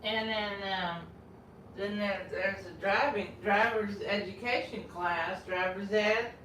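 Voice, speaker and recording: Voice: mid-range voice, steady tone, slow pace, pushed and bright. A channel host chatting in a rambling, self-correcting way, heard from a distance in a roomy space. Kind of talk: casual chat. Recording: roomy, distant, faint noise.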